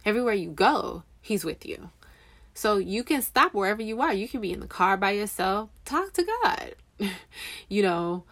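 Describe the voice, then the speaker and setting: A woman's voice: medium pitch, lively intonation, moderate pace, fairly bright tone. A young woman giving casual, earnest faith encouragement, rambling a little and correcting herself as she goes. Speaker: Christian encourager speaking to waiting spouses.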